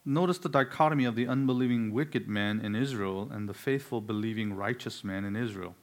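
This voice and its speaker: A man preaching a sermon, swinging between loud, emphatic declarations and low, quiet asides. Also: fairly quick.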